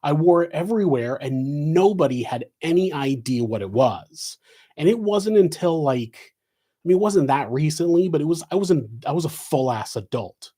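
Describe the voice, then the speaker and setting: This middle-aged man's voice is on the high side, animated and warm with a breathy edge, at a normal speed. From his home office he hosts a live Q&A, wandering through viewer questions with lots of restarts.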